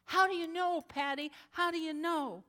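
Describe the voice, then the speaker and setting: A woman's voice: very high voice, fairly even intonation, moderate pace, bright, forceful tone, voice pushed up. A woman pastor voicing a frightened, trapped young woman who asks anxious, pleading questions. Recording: long hall reverb.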